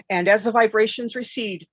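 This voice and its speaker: A woman game master narrating a tabletop game with dramatic storytelling, often clearing her throat and correcting herself. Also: a little high, steady tone, unhurried, no room sound, poor audio.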